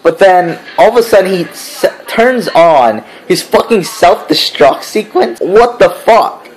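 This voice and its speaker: A man's voice: sits high, animated, a little slow, husky, poor audio. A man giving a casual spoken review, ranting in an exasperated, profane way. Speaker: show reviewer.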